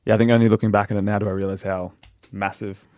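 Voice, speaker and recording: Brief: Australian man in his twenties, relaxed and drily funny, dry close recording. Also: on the low side, quick pace, no echo. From Brisbane, Australia. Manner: laid-back, dry humour, trailing fillers. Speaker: footballer guest. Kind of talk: casual podcast interview.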